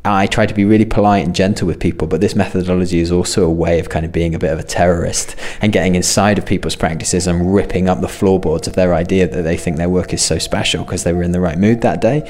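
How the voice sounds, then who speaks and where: A man's voice: sits low, steady tone, fast talker, few pauses, a little mellow. A man explaining his views in casual interview talk, earnest and thinking aloud in run-on sentences.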